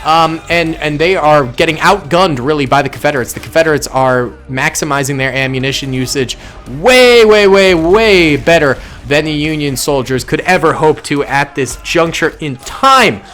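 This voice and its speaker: Man, gameplay commentator, from suburban Massachusetts, fairly high voice, chatty, thinking aloud. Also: a bit bright. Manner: chatty, thinking aloud with self-corrections and quick reactions. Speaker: gaming channel host.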